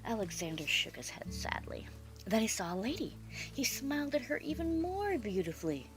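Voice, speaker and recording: Woman storyteller, children's storybook narration, very lively pitch, expressive, background music. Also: moderate pace. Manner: expressive, dramatic reading. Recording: music playing underneath.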